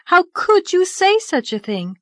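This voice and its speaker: A woman voicing an earnest, dreamy young girl in an audiobook, lively and reproachful. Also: extremely high pitch, unhurried, no echo, voice pushed up, exaggerated voice. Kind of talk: audiobook character voice.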